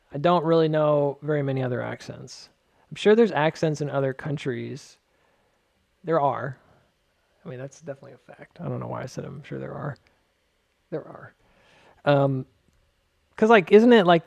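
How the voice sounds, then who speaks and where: Rambling, fairly high-voiced man explaining charts. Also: vocal fry, darkish tone, no echo. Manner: rambling with joking asides; filler-heavy, many "like"s. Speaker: market charting host. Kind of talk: casual chart walkthrough.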